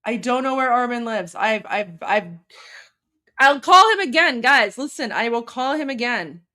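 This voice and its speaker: A woman's voice: a little high, expressive, moderate pace, sharp tone. A woman with an Iranian accent hosts a casual livestream in a slightly raised voice. She rambles, repeats words and keeps checking in with her viewers. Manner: rambling, repeats herself, keeps asking "right?". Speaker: livestream host. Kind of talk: casual live commentary.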